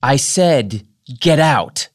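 A man's voice: high voice, lively intonation, unhurried, voice pushed up. A man voicing a stern, demanding mother who questions her son sharply, reading a story aloud. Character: stern shrill middle-aged mother.

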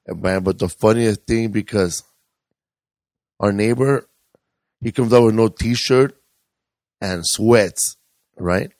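A man co-hosting a relaxed podcast, his voice very deep. He rambles and restarts as he tells his stories, filling gaps with hesitant ums. The recording is dry and close. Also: takes it slowly, long pauses, no echo. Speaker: podcast co-host. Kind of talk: casual storytelling chat.

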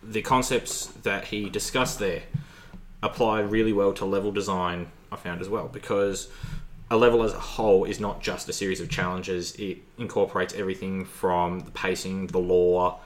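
A man who programs games, a guest on a podcast, explaining his work in a measured way. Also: deep voice, steady tone, slight background noise. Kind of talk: casual podcast interview.

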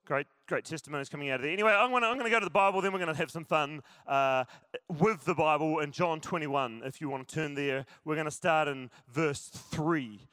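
A man's voice: a little high, a little fast, pushed and bright, smooth, dry recording. A man preaching a sermon to a church congregation, chatty and joking with the crowd. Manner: jokey, chatty, talks to the crowd. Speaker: pastor.

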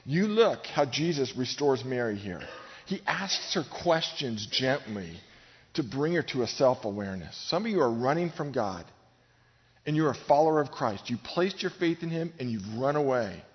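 A middle-aged pastor preaches emphatically and directly to his congregation in a large gym used for church services. His medium-pitched voice is expressive at a moderate pace, and the recording sounds dull with a long hall reverb.

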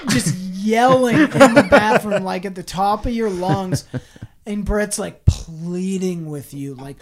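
A man in his late twenties, a podcast co-host, telling a story in animated, profane casual chat. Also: high-pitched, slow pace. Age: late 20s.

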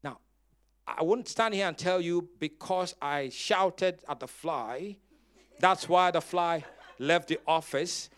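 This is a dramatic sermon from a male pastor whose voice is a little high and whose pace is slow. He tells humorous stories, breaks into loud emphatic bursts, and calls on the congregation to respond.

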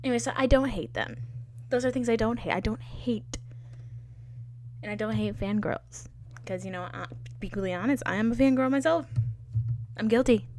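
A young woman hosts her own podcast solo, rambling chattily, poking fun at herself, wandering off topic, and leaning heavily on fillers. Her voice is on the high side and a little mellow, brisk but with long pauses, with a bit of hiss or hum.

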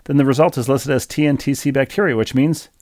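A man's voice: mid-range voice, fast, a little mellow, no echo. A middle-aged man co-hosting a podcast, chatting casually and reading a listener's email aloud in a dry, wordy, playful way. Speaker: podcast co-host.

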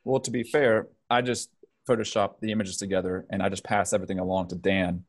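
Low-voiced man with a Southern drawl. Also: level tone, brisk. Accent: Southern American drawl. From Southern United States. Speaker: podcast co-host and art director. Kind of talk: casual podcast chat.

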